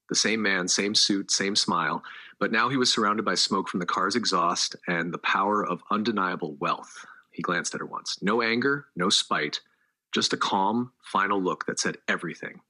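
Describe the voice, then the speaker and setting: A man with a very low voice narrates a scripted story, each line measured and dramatic. His delivery is hard-hitting and forceful.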